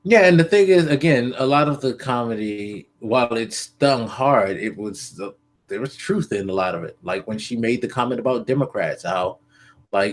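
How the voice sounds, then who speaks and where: A man co-hosting a casual political podcast, earnest and hesitant, pausing on frequent ums as he works through his points. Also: on the low side. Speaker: podcast co-host.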